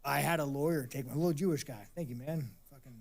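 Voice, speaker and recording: A man's voice: medium pitch, quick pace, gravelly. A man talking as a guest, telling stories in a casual, rambling way. He swears constantly and restarts his sentences a lot. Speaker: interview guest. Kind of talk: casual storytelling.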